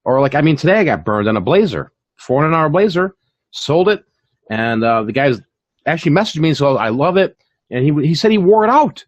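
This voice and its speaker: A man's voice: fairly high pitch, sing-song, brisk, no echo, lo-fi sound. A man hosting a casual chat about online reselling, talking in a chatty way with many fillers and repeated words. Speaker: channel host and online reseller. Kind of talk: casual chat on a live stream.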